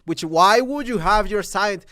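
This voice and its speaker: A man's voice: high voice, unhurried, sharp tone, dry recording, clean studio sound. A man from Mexico, hosting a movie review and ranting heatedly with heavy swearing.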